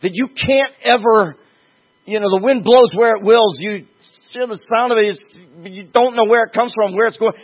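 A man preaching a sermon, emphatic, with sudden leaps in pitch and slowed-down stresses on key words. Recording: husky voice over a tinny phone-like line.

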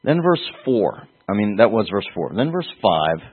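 A man's voice: on the low side, big pitch swings, measured pace, slightly rough. A man preaching an expository sermon, acting out quoted voices as he teaches. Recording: phone-like narrow band.

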